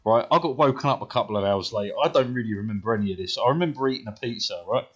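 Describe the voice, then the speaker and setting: Very fast and husky, a medium-pitched British voice belongs to a streamer in his thirties who rambles through foul-mouthed personal stories as he games, asking "right?" all the time. Faint music plays under the dull stream audio.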